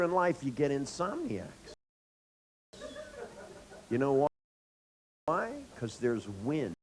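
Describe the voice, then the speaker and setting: A man's voice: medium pitch, slow pace, pauses often, poor audio. A man teaching hypnotherapy, telling anecdotes and acting out lines in a sing-song way. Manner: animated storyteller, acts out lines in sing-song. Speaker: hypnotherapy instructor. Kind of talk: lecture with anecdotes. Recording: faint hiss.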